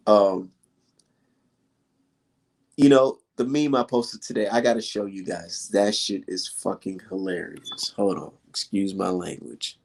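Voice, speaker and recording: A man's voice: sits low, unhurried, gravelly, a little mellow. A man giving casual boxing commentary for his own channel, ranting in a heated way. He swears a lot, fires off rhetorical questions and laughs between his points.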